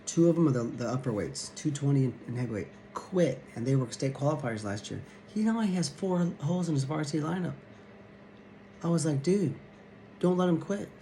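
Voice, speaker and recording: A man's voice: mid-range voice, animated, fairly quick, warm tone, slight background noise. A man in his fifties from Missouri, a wrestling coach telling stories in a blunt, plain-spoken way. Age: 50s. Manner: blunt, plain-spoken, acts out quoted voices. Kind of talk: storytelling talk to camera.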